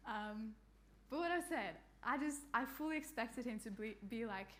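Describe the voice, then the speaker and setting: A woman's voice: on the high side, animated, normal speed, fairly bright tone. Chatty young woman, laughing storyteller. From Norway. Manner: chatty, laughing, full of fillers and restarts. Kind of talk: personal story in a church talk.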